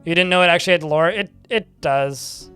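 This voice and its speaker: Young male streamer, chatty and dry, a touch sarcastic, slightly high clean voice over faint music. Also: fairly quick, sharp tone, clear, resonant tone. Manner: dry, sarcastic-sounding delivery. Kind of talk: casual livestream chat while gaming.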